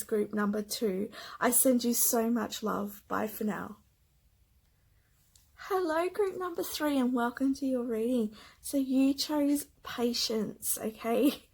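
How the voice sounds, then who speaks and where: A woman reads spiritual cards in a gentle, emotional way, sometimes slipping into a whisper. Her voice is husky with a gravelly edge, and she takes her time over every phrase. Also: medium pitch, rough recording. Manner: gentle, emotional, slow with soft whispered asides. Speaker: tarot card reader. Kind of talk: spiritual card reading.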